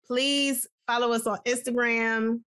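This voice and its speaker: A woman's voice: on the high side, flat delivery, a little slow, clean tone. A woman from the Washington DC area co-hosting a podcast, upbeat and chatty, greeting listeners in casual talk. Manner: upbeat, chatty, giving shout-outs to listeners. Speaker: podcast co-host. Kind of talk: casual chat.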